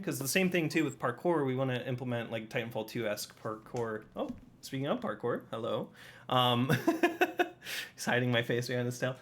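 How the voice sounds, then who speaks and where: A man on a game team's livestream Q&A, chatting casually with many fillers and asides to his cat. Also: medium pitch. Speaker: developer on a game team Q&A stream.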